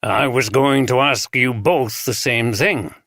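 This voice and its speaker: A man's voice: medium pitch, slow pace, fairly bright tone, no room sound, clean studio sound. A man voicing a plain-spoken male detective chief inspector with a northern English accent. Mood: businesslike.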